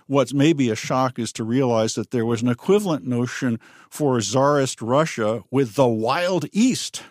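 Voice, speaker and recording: A man co-hosting a history talk show, explaining in a measured, thoughtful way. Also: mid-range voice, no echo, clean studio sound. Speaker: history podcast co-host. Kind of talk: conversational history discussion.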